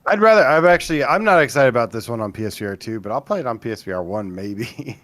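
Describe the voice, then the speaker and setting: An opinionated man co-hosting a casual gaming podcast, talking in quick bursts and cutting himself off mid-thought. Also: medium pitch. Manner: opinionated, animated, self-interrupting. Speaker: podcast co-host.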